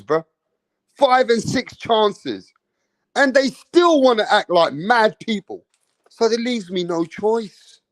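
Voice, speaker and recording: A man hosting a boxing channel, talking casually and chiding viewers in street slang. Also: high voice. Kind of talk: casual livestream rant.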